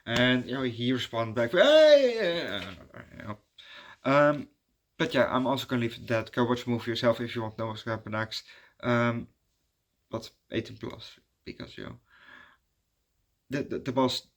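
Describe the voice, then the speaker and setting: Male movie reviewer at a mid pitch, chatting loosely and hesitantly with frequent ums and restarts. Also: steady tone, a little fast, long pauses, fairly bright tone. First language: Dutch. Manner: rambling and hesitant, many fillers and restarts. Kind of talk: casual spoken movie review.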